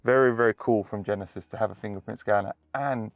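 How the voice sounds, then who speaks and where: A man with a gravelly voice giving a chatty voice-over about a car feature, in a dull lo-fi recording. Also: on the low side, steady tone, fast talker, no room sound. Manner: chatty, rhetorical questions. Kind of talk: voice-over narration.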